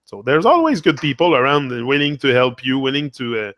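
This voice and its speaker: A man's voice: mid-range voice, sing-song, a little fast, dry recording, lo-fi sound. A young man from Quebec with a Québécois French accent, speaking as a motivational host in a blunt, casual monologue, swearing freely and repeating himself. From Quebec, Canada.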